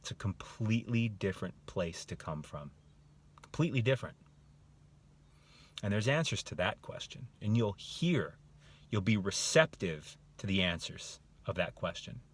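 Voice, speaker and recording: A man's voice: fairly low pitch, big pitch swings, normal speed, husky. A middle-aged man talking casually in a motivational monologue, acting out different tones of voice to make his points. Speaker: motivational speaker.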